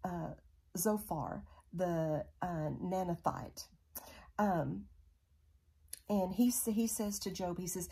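A woman's voice: on the low side, slow, pauses often, mellow, breathy edge. A woman teaching a Bible study in a casual, hesitant way, with many fillers and restarts as she paraphrases scripture.

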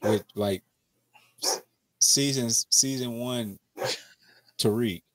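A man hosting a casual TV review chat, animated, profane and mocking as he riffs on the episode. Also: mid-range voice, takes it slowly. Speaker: TV show review podcast host.

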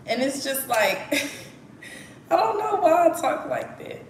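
A woman's voice: high-pitched, big pitch swings, slow, vocal fry. A woman from East Texas with an East Texas accent, chatting candidly and profanely on a livestream. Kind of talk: casual livestream chat. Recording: echoey room with background noise.

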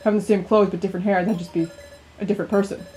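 A woman commenting on a video game playthrough, reacting dramatically and excitably and laughing often. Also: medium pitch, rapid-fire. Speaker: gaming video host. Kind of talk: let's-play reaction commentary.

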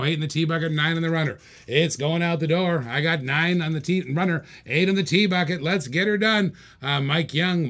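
On a stream, a man runs a live toy car auction, calling out bids in a steady patter. His voice is a bit higher than most men's, and he trades easy banter with the chat while he works.

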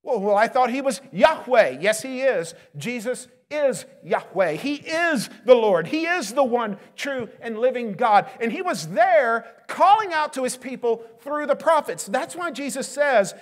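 A man's voice: very high-pitched, very animated, normal speed, fairly bright tone. Emphatic preaching male pastor. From United States. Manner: earnest preaching, pleading and emphatic. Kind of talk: sermon.

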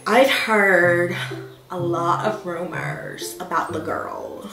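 A woman mimicking a gossiping young woman who speaks in a low, mumbling voice, recorded in a roomy space. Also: slow pace, over music. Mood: gossipy.

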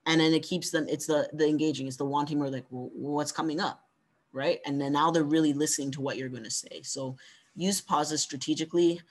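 A man giving a conversational workshop talk on pitching, coaching and encouraging, often ending points with "right?". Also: steady tone, fast. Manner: conversational, frequent "right?" tag questions. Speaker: workshop presenter.

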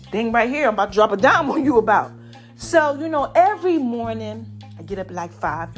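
A woman hosting her own podcast, talking in an animated, drawn-out style full of "baby" and "y'all", her voice a little strained from allergies. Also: medium pitch. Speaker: podcast host. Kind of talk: solo podcast talk.

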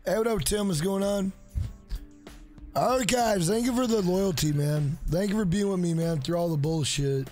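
A man's voice: sits high, moderate pace, darkish tone, faint music behind. A man streaming a fighting game live, talking casually, swearing freely and trash-talking the opponent. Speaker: gaming streamer.

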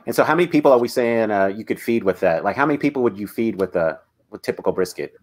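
A man's voice: lowish voice, expressive, fast talker. A man moderating a panel discussion, asking questions in a friendly, conversational way.

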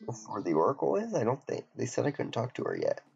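A man's voice: medium pitch, huge pitch swings, fast talker, vocal fry, darkish tone. A man giving offhand, jokey commentary while playing a game and reading its dialogue aloud. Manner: jokey, offhand, mutters asides. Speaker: gameplay commentator. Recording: dull lo-fi with faint game music.

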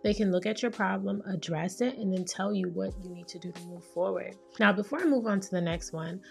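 A woman's voice: medium pitch, a little fast, vocal fry, soft background music. A woman, hosting a casual solo podcast as a therapist and talking candidly and playfully. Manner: candid, playful, acts out quoted voices.

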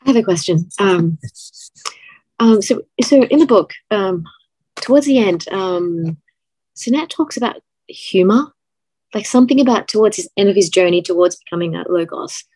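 A woman's voice: medium pitch, lively intonation, moderate pace, a little mellow, breathy edge, no echo, poor audio. A woman asking a question in a live session, hesitant with many fillers.

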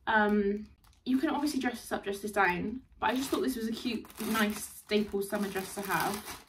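A woman's voice: medium pitch, normal speed, few pauses. Young woman, casual haul chatter, bubbly, slightly distant mic. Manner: chatty, bubbly, laughs often. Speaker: fashion vlogger. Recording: distant mic, faint room noise.

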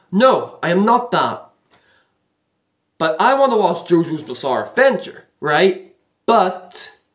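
A man's voice: on the high side, a bit bright. Exasperated man ranting in an echoey room. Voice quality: rambling, repeats himself, frequent restarts. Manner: exasperated, complaining. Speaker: vlogger. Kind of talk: casual rant to camera.

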